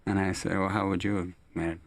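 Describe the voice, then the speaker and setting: A man's voice: sits low, level tone, quick pace. A man actor in a documentary interview, telling a story in an amused way.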